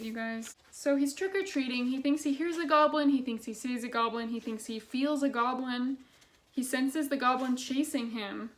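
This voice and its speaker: A young woman casually reading children's books aloud and adding chatty, sarcastic commentary. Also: sits high. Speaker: book vlogger.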